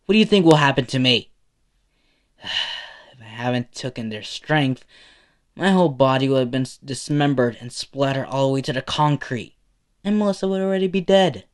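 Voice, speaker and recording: A man's voice: mid-range voice, normal speed, close to an everyday voice. A man voicing a cocky, teasing teenage boy hero in a casual, drawling way with lots of fillers. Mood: exasperated.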